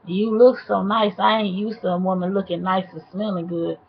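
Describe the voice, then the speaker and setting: A woman voicing a smooth-talking, flirtatious man with a low, crooning delivery. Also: little pitch movement, moderate pace, dull audio, slight background noise, close to an everyday voice. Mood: flirty.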